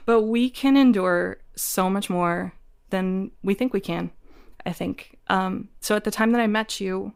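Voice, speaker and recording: A woman's voice: medium pitch, unhurried, vocal fry, darkish tone, smooth. A woman in her forties, a podcast guest, telling a personal story openly and reflectively, laughing often. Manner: reflective and open, with frequent laughter. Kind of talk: candid personal storytelling in a conversation.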